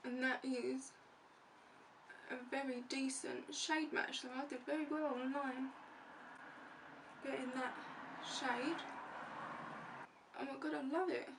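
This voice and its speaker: A woman's voice: high voice, steady tone, slow pace, pauses often. A woman beauty vlogger chatting casually through a makeup tutorial, narrating each step as she goes. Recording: distant mic with faint room noise.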